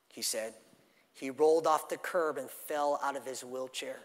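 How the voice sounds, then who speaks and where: A pastor delivering a sermon, telling a story and swinging from loud emphatic phrases to hushed lines. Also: male voice, medium pitch, fairly even intonation, unhurried. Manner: dynamic preaching, storytelling with acted quotes, swings from loud to hushed. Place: church sanctuary. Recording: long hall reverb.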